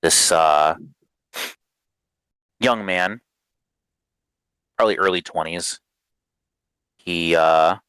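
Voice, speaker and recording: Man, game master, low voice, slow, halting narration, dry close sound. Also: fairly bright tone, smooth, no room sound. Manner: casual, halting narration full of fillers.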